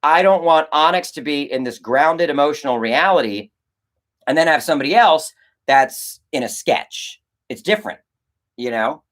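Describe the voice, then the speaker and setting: A young man, a filmmaker, chatting casually on a livestream and answering chat, rambling and animated, swearing and acting out conversations. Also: on the high side, normal speed. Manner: animated, rambling, swears, acts out quoted exchanges.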